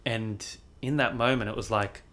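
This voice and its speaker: A young adult man, a podcast guest telling a story in a casual, animated way, filling his speech with "like" and swearing casually. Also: medium pitch, normal speed.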